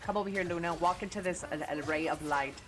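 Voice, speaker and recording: A woman livestreaming a game, talking crudely to her chat and yelling at her teammates. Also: fairly low pitch, fast, over music. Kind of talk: live gaming stream chat.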